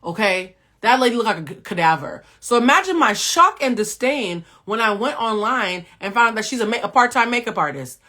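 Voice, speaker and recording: A woman hosting a pop-culture recap, sassy and talking straight to her viewers, swinging between loud exclamations and a soft, low voice. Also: animated, a little fast, few pauses. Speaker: host and cultural critic.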